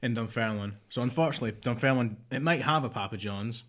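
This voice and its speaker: A man's voice: medium pitch, fast talker, a bit bright. A man, co-hosting a casual podcast chat, rambling and dropping into mutters. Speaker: podcast co-host.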